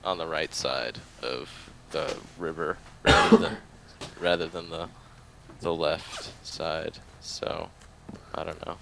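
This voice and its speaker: A man's voice: extremely low pitch, slow pace, gravelly, a bit bright, slight background noise. A man co-hosting a podcast in casual chat, talking loosely, swearing and laughing readily. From United States. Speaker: podcast co-host.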